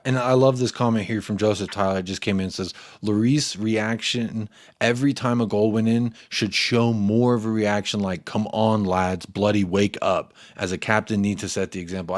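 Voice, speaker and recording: In casual post-match fan chat, a man hosting a football fan show rambles, swears, and sometimes loses his train of thought. His voice sits on the low side, and the studio-quality recording has no echo.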